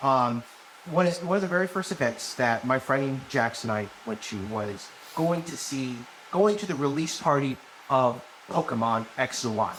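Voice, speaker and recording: A man's voice: medium pitch, expressive, normal speed. A man in his twenties doing a live stand-up set, rambling and profane, laughing at his own jokes. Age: 20s. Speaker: stand-up comedian. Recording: noisy live venue recording.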